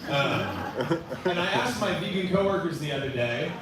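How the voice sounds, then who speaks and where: A man doing stand-up at an open mic on a small coffee bar stage, telling loose stories with deadpan setups and swearing. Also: on the high side, moderate pace. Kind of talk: stand-up storytelling. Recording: echoey bar, far mic, noisy.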